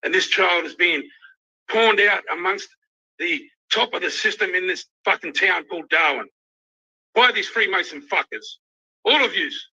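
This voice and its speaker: A man's voice: high-pitched, normal speed, pushed and bright, breathy edge. An angry, emotional Australian man ranting on a livestream, swearing constantly. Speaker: youth worker ranting on a livestream. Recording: dull lo-fi livestream audio.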